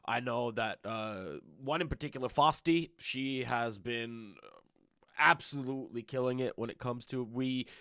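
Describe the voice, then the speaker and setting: A man runs a casual community meeting for a roleplay server, speaking in a rambling, stop-start way with repeated words. His voice sits at an ordinary middle pitch. The sound is close and dry, with no room echo. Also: unhurried, fairly bright tone, smooth. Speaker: roleplay server staff lead.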